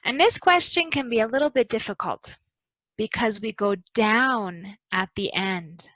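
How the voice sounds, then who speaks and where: Woman english teacher, bright voice, dry close sound, talks real slow and careful. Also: fairly high pitch, no echo, rough recording. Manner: slow, careful, modeling intonation. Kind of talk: pronunciation lesson.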